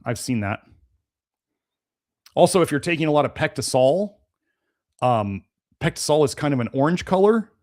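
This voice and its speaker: A man's voice: on the high side, animated, fairly quick, darkish tone. A man hosting a live-stream Q&A, answering chat questions in a casual, rambling way with many fillers and restarts, and sounding a little congested. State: slightly congested, sneezy. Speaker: host of a health podcast.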